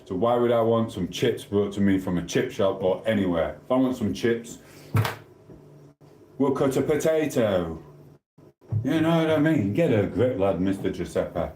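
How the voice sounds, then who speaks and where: A South Yorkshire man from England streams live in an echoey room, his low, dark voice animated and at normal speed over a little hiss or hum. He chats loosely and rambles, bantering cheekily with what viewers write.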